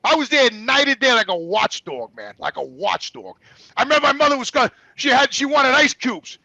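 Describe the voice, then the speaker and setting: A middle-aged man telling stories as a guest, profane, heated and animated. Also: very high voice, brisk, vocal fry, no room sound, dull audio. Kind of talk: casual storytelling.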